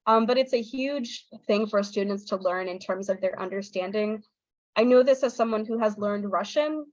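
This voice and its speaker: An American woman, a young adult, giving an online talk to English teachers, lively and acting out intonation patterns as she explains them. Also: normal speed, dry recording, muffled recording. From United States. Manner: lively, demonstrates intonation with exaggerated pitch.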